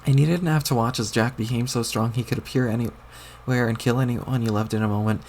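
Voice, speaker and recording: A man's voice: mid-range voice, steady tone, fairly quick, a little mellow, a little hiss or hum, lightly acted. A man reading a webcomic aloud, putting on the voice of a bossy, exasperated young girl who scolds and swears. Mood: scolding.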